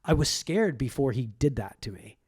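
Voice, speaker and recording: An animated man in his forties, originally from Egypt, tells stories as a podcast guest. He speaks at a middle pitch and slips into quoted voices as he goes, with casual swearing throughout. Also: moderate pace, slightly rough, dry recording, studio quality. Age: 40s. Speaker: comedian guest.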